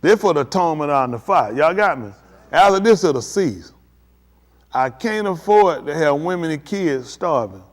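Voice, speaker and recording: A man's voice: fairly high pitch, expressive, moderate pace. A man preaching a live-streamed sermon to his congregation, emphatic and repetitive, hammering short punchy declarations. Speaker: pastor.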